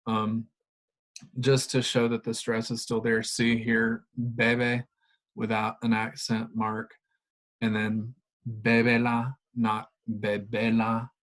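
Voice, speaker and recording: Male teacher, unhurried monotone delivery, filler-heavy explanations. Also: medium pitch. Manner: relaxed, explanatory, many fillers. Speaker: Spanish teacher. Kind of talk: recorded grammar lesson.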